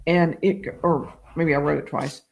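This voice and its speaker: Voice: medium pitch, fairly even intonation, a little slow, gravelly. A legal commentator on a livestream, reading call transcripts aloud and adding brief asides. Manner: reads quoted dialogue aloud with brief asides.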